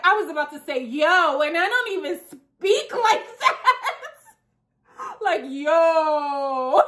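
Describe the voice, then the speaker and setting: Woman, vlogger, high voice, unhurried, playful chat, frequent laughter. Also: bright, forceful tone. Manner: chatty, laughs often, playful. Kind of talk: casual chat to camera.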